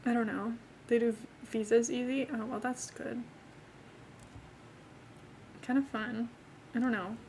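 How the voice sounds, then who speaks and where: Her voice sits a little high with a darkish, level tone, and she speaks at a measured pace with frequent pauses. This young woman streamer chats loosely with viewers during a life-sim game, wandering across topics and speaking to her chat as well as the game's characters. Her accent isn't from England, and there's slight background noise.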